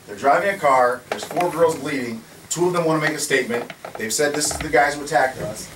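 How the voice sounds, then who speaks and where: A man who runs a community security firm, telling a story in an animated way, laughing often and acting out what others said. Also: a little high, a little fast, reverberant. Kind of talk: storytelling in a recorded conversation. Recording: distant mic with faint background noise.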